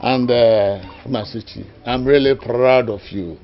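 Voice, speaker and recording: A man's voice: mid-range voice, a little slow, lightly acted. An actor playing a pleased, fatherly uncle with a Nigerian accent in a Nollywood film. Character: pleased middle-aged uncle, jovial. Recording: muffled film audio.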